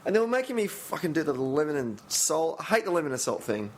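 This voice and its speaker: Co-hosting a football podcast, a man keeps the chat loose and laughing, full of swearing banter, and steers it by asking the questions. He talks fast in a fairly high, very animated voice, with a little hiss or hum in the audio.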